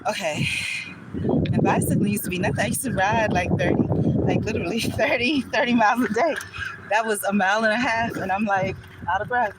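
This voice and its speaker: Breathless woman rambling over loud street noise. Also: medium pitch, brisk. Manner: chatty, rambling, many fillers. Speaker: vlogger. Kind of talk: casual storytelling vlog. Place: outdoors on a street, walking a bike.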